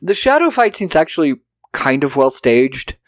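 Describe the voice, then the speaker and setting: A man with a fairly high voice recaps a movie on a podcast, cursing freely and putting on the characters' lines for laughs. The sound is dry and close, with no room around it. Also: sing-song, normal speed, no echo. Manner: profane, jokey, acts out characters' lines. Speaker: podcast co-host. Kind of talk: casual film review chat.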